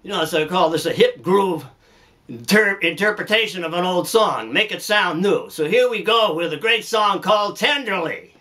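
A man's voice: high voice, expressive, normal speed, pushed and bright. A man hosting a music lesson, telling folksy jokes in a chuckling, rambling way, full of "you know"s and laughing at his own punchlines. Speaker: music teacher and host.

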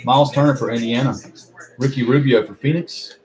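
A man's voice: medium pitch, brisk, darkish tone. A man hosting a live card break, casually rattling off player names with chatty asides and mild swearing. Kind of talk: casual live commentary while opening card packs.

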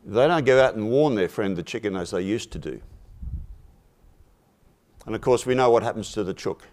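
A man speaking at a forum, telling a simple fable in a measured, deliberate way and dropping his voice for punchlines. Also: fairly low pitch, animated, darkish tone. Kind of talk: storytelling a fable in a talk.

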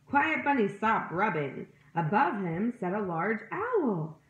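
A woman's voice: medium pitch, big pitch swings, slow, few pauses, muffled recording. A woman reading a picture book aloud to children, voicing animal sounds and asking her listeners questions. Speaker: storyteller. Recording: roomy echo.

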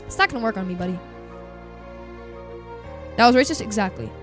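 This game livestreamer has a high, boyish voice and talks a little fast, chattering away to his audience with sudden bursts of loud excitement. There's music playing behind him.

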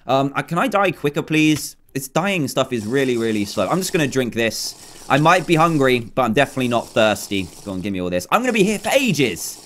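A man's voice: fairly high pitch, expressive, normal speed, fairly bright tone. A young man doing playful, casual commentary over a video game, pleading and jokingly taunting. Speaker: gaming YouTuber.

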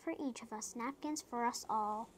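A woman reading children's picture books aloud, chatting between pages and playing up the sound words in a lively, sing-song way. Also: fairly high pitch, normal speed, slight background noise. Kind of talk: storybook read-aloud with casual chat.

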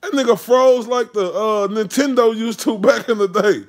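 A man's voice: high-pitched, normal speed. A man ranting about boxing on his channel, heated and mocking, swearing constantly. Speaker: boxing commentary vlogger. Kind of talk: profane casual rant.

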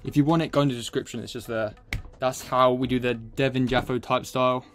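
A man's voice: medium pitch, steady tone, a little fast, soft background music. A young man hosting a casual editing tutorial, rambling and chatty, a bit out of breath, calling his viewers boys. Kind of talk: casual screen-recorded tutorial.

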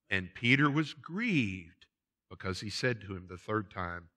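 This pastor's sermon comes in a low, expressive voice with a sharp edge, delivered a little slowly in the church sanctuary. He repeats his points emphatically and keeps calling his listeners "folks."

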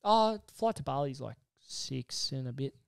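A young man, co-hosting a casual podcast chat and telling an animated story while swearing freely. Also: mid-range voice, normal speed, vocal fry, clean tone, dry recording, studio quality. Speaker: podcast co-host.

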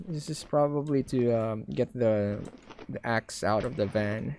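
A young woman with a Filipino accent commentating a horror game, swearing freely and breaking into loud panicked yelps. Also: very deep voice, lively intonation, normal speed, slight background noise. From Philippines. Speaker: gaming YouTuber.

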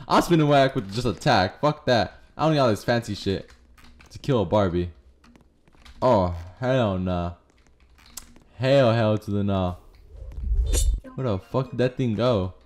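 A man giving casual, profane gameplay commentary as a streamer, excitable and prone to yelling. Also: lowish voice, unhurried, pauses often. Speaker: gaming streamer. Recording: noisy game audio behind.

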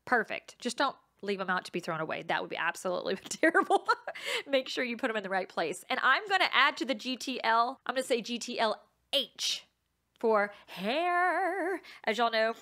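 A woman's voice: fairly high pitch, animated, normal speed, pushed and bright. A woman hosting her own podcast, telling stories in a chatty, self-mocking way and laughing often. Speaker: podcast host. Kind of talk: casual storytelling monologue.

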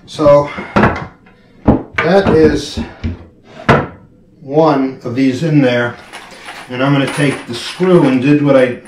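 Slow and steady, with frequent pauses, a man's mid-range voice narrates a wall-mounting job as he does it, joking at his own expense for his DIY video. The indoor room, being set up as a studio, gives a roomy echo alongside faint background noise.

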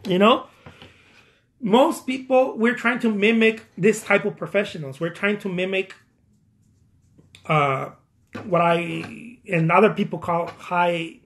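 A man's voice: fairly high pitch, a bit bright. A man, a painter, giving casual motivational career advice in a rambling way, repeating words and laughing at himself. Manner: quoting others in quick acted asides.

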